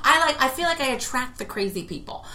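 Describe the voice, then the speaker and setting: A woman's voice: sits high, expressive, fast, bright, forceful tone. A woman in casual chat, animatedly telling a story and acting out her reactions.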